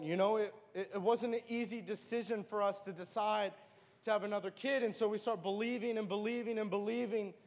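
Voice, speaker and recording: A man with a notably high voice tells an earnest, emotional personal testimony. His words ring out with a long hall reverb trailing behind them. He speaks as a church speaker sharing his own story. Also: darkish tone.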